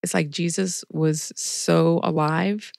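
A woman's voice: on the low side, fairly even intonation, slow pace, creaky, darkish tone, no echo, clean studio sound. A middle-aged woman, a ministry volunteer, telling stories earnestly in a casual podcast interview. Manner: earnest storytelling with quoted dialogue.

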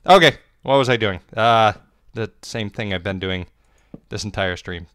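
A man's voice: fairly low pitch, moderate pace, fairly bright tone, clear, resonant tone, dry recording, studio quality. A man streaming a game and chatting playfully, swearing freely and cooing baby talk. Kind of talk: casual live-stream chat. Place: home.

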